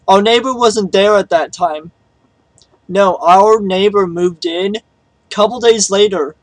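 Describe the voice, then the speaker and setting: High-voiced young man, slow rambling vlog. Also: no room sound, low-quality recording. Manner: rambling, hesitant, lots of "like" and "um". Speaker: vlogger. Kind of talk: casual storytelling to camera.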